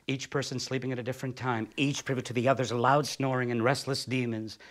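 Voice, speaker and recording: A man's voice: mid-range voice, level tone, brisk, a bit bright. A man from Canada delivering a performed spoken essay as a theatre artist, sardonic, blunt and profane.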